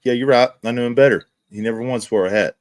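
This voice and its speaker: A man's voice: medium pitch, fast talker, no echo. A man in casual chat, bluntly contradicting and trading insults.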